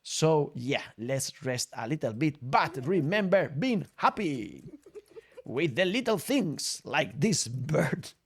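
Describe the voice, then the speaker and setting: A man's voice: on the high side, sing-song, slow pace, slightly rough. A man hosting a crypto news show, upbeat and jokey, with nonnative phrasing. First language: Spanish. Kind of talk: casual news commentary over clips.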